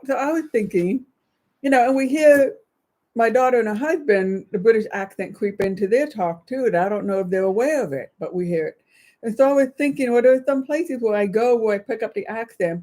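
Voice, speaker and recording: A woman's voice: a little high, brisk, mellow. Chatty older woman co-hosting a live chat. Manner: chatty, reads out viewer comments. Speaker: co-host of a live show.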